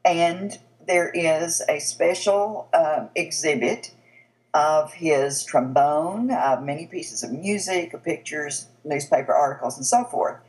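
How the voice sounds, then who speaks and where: A woman hosting a talk show, interviewing a guest and thanking him warmly and graciously. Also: deep voice, slow, poor audio. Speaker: radio show host. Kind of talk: interview conversation.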